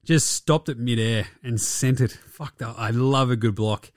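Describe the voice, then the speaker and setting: A man's voice: medium pitch, a little slow, no room sound, clean studio sound. A young Australian man giving a casual, profane and mocking recap of basketball games. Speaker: basketball commentator.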